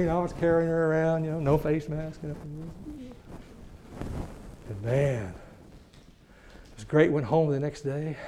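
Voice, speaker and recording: A middle-aged man from Texas, preaching as a lively storyteller who chuckles often and acts out the people he quotes. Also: fairly high pitch, slight background noise. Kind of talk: sermon testimony storytelling.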